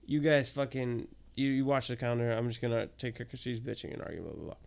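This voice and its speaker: A man, a podcast co-host telling stories in casual, swearing, animated chat. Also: mid-range voice, fast talker, creaky, clean tone.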